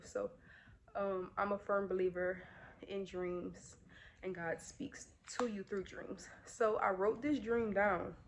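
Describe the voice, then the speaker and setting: A woman's voice: mid-range voice, slight background noise. A young woman vlogger, a bit out of breath, chatting casually to her viewers as she tells a personal story. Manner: chatty, many fillers, addresses viewers directly.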